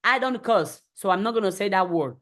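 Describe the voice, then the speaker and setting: A woman's voice: mid-range voice, expressive, a little fast. A woman hosting a motivational live stream, speaking emphatically and repeating phrases for effect. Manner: acts out voices in quotes.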